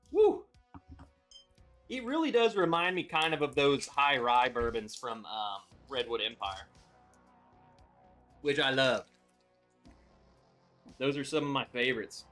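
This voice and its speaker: Lively upbeat man hosting a live stream. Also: on the high side. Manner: chatty, upbeat, greets viewers by name. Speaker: livestream host reviewing whiskey. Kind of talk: casual live-stream chat.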